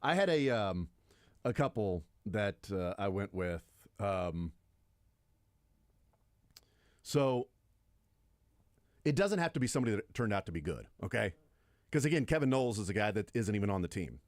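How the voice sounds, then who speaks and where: A man's voice: fairly low pitch, very animated, moderate pace, no echo, studio quality. A man hosting sports radio talk, rambling in a casual and enthusiastic way about favorite old players. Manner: rambling, enthusiastic, fond of nostalgic player picks.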